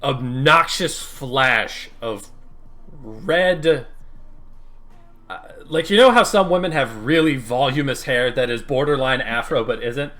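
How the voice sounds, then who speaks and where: A man's voice: medium pitch, expressive, measured pace, a bit bright, soft background music. A man narrating a tabletop role-play as game master, rambling and describing vividly with many fillers.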